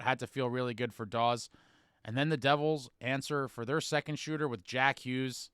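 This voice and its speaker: A man hosting a hockey fan podcast, recapping a game with animated storytelling. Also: mid-range voice, clear, resonant tone, no echo, clean studio sound. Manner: animated storytelling, bursts into shouted chants when reliving moments.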